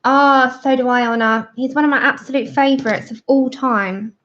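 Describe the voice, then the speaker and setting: A woman's voice: sits high, fairly even intonation, normal speed, fairly bright tone, slight background noise. Giggly woman chatting on a lo-fi stream. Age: 30s. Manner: chatty, giggly, reads out viewer comments. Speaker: livestream host colouring with viewers. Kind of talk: casual chat while demonstrating colouring. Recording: dull lo-fi livestream audio.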